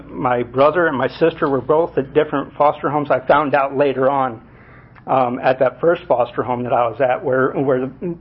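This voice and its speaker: Halting man telling his life story. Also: mid-range voice, husky. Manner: halting, many fillers and restarts. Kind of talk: personal testimony to a group. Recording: muffled lo-fi recording.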